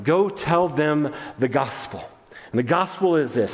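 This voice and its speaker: A man preaching a sermon as pastor, moving between excited, raised passages and soft, hushed ones. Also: a little high, a little slow. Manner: expressive, swings between loud excitement and soft hushed tones. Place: church sanctuary. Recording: long church reverb.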